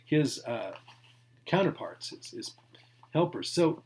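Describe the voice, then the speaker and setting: A pastor with a fairly high voice preaches a sermon conversationally and very animatedly, taking it slowly. He stresses key words, swings from loud emphasis to near-whispered asides, and includes restarts and small laughs.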